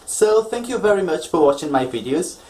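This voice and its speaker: A man's voice: sits high, very animated, brisk, a little mellow, poor audio. Male online English tutor; patient, explanatory, checks in with viewers constantly. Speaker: English teacher.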